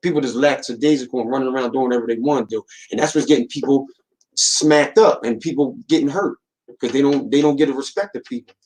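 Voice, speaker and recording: Guy chatting loose with aave slang, lots of "like" and "you know", mid pitch. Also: fast, a little mellow, rough recording. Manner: rambling, street slang, many fillers. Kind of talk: casual chat.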